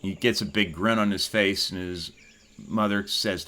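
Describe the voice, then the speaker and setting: A man's voice: low-pitched, steady tone, measured pace, sharp tone, slight background noise. A man narrating a tabletop game as game master, in loose and rambling speech with frequent restarts.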